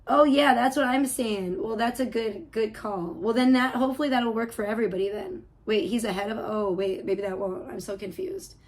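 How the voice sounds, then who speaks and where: A woman's voice: mid-range voice, fairly even intonation, a little fast, hardly any pauses, a little mellow, rough recording. Rambling chatty woman streamer. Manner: rambling, chatty, full of fillers and restarts. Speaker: live streamer. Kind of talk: casual live-stream chat. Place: at home with her cat.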